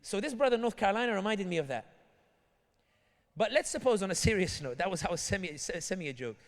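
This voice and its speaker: Speaking as a guest at an Islamic center, this higher-pitched man from Tunisia, British in accent, races through funny anecdotes with lively energy, voicing each character himself. It's a community talk, and the big hall leaves a long, trailing reverb.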